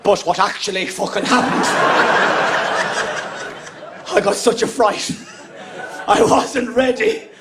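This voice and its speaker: A man's voice: high voice, takes it slowly, pauses often, very noisy. A middle-aged Irish man telling a stand-up story on stage, emphatic and profane. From Ireland. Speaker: stand-up comedian. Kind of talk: stand-up comedy routine. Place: comedy stage. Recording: echoey venue.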